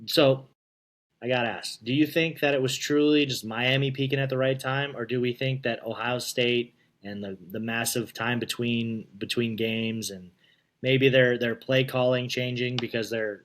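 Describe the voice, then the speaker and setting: A man's voice: medium pitch, fairly bright tone. A man co-hosting a sports podcast, chatty and laughing easily as he asks questions. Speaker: podcast co-host. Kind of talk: casual sports chat.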